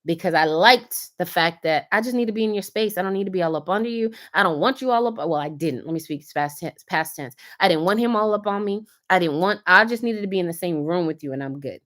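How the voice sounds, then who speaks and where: A woman's voice: medium pitch, lively intonation, quick pace, few pauses, a bit bright. A woman in her thirties or forties, hosting a casual live stream and giving earnest, preachy advice drawn from her own life. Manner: earnest, preachy, tells personal stories. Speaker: host of a faith-based live stream.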